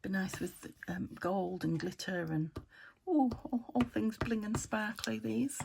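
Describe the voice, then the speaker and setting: Woman, British accent, crafting vlog host, rambling self-talk, soft murmured asides, gravelly voice, noisy home recording. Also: mid-range voice, a little slow. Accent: British English. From United Kingdom. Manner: rambling, talks to herself while working, drops into soft murmurs. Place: upstairs room at home. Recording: home recording with noticeable background noise.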